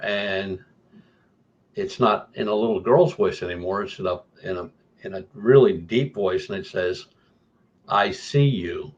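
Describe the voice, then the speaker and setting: Guy with a lowish voice telling a story, gets animated and jumps up high, muffled lo-fi sound. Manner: animated, jumps to a higher voice for emphasis. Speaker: guest paranormal investigator. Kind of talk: casual storytelling.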